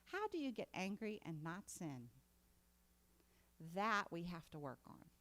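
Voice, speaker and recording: Slow-spoken woman preaching a sermon. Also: on the low side, big pitch swings, fairly bright tone. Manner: conversational, rising to emphatic exhortation. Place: congregation meeting hall.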